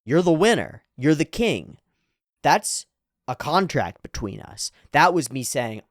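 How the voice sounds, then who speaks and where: A man's voice: mid-range voice, no echo. A proud rival rapper, stung and honor-bound, as a man acts him out, delivering an indignant lecture. The voice stays near his own, rising and falling sharply with each accusation. It is heard close and dry.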